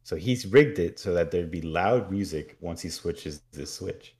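A man co-hosting a podcast, retelling a TV episode in a lively, joking way. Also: sits low, a little slow. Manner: animated retelling with mock voices. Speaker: podcast co-host. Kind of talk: casual recap chat.

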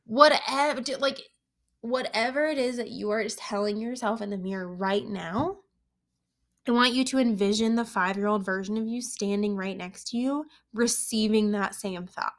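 A woman's voice: medium pitch, moderate pace, a bit bright. A young woman coach giving an encouraging motivational talk, emphatic and repeating key phrases for weight. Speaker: self-help coach. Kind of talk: motivational monologue to camera.

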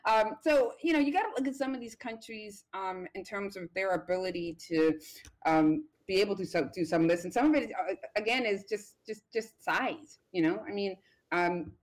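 An American woman doctor giving measured, explanatory interview answers, pausing often with "um". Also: mid-range voice, expressive. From United States. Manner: measured, hedging with frequent ums. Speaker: guest expert doctor.

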